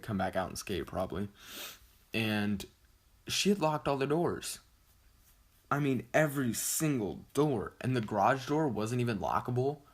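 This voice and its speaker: A young man telling a story casually on his vlog, rambling and correcting himself, with lots of "like" and "you know". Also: lowish voice. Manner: rambling, self-correcting, heavy use of "like". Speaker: vlogger.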